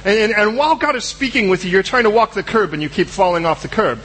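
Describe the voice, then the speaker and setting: Animated high-voiced male preacher. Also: fast, hardly any pauses, rough recording. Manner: animated, acts out both sides of dialogues with God. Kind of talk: sermon.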